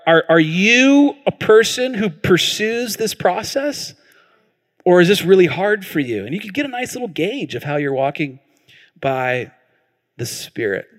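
Lively high-voiced man preaching. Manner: animated storytelling with acted-out quotes. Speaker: pastor. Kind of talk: sermon. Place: church hall. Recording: reverberant church hall.

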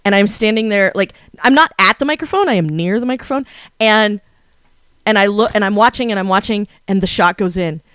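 A woman co-hosting a podcast, telling a story in a casual chat and acting out her own excited reactions. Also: mid-range voice, brisk, smooth, no room sound. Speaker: podcast co-host.

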